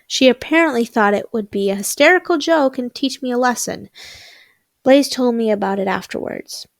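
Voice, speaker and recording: A woman's voice: fairly high pitch, normal speed, vocal fry, dry recording. Woman reading as a weary, defeated teenage boy.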